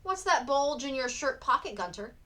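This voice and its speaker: A woman reading aloud voices a calm, clever young man who speaks in a level, reasoning way. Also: high-pitched, normal speed, voice pushed up, heavily acted. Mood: probing. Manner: level, reasoning, smoothing things over.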